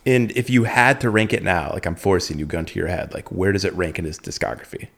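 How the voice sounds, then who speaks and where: A man's voice: deep voice, animated, quick pace, vocal fry, a bit bright. A man hosting a casual podcast chat, joking and teasing his guest. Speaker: podcast host.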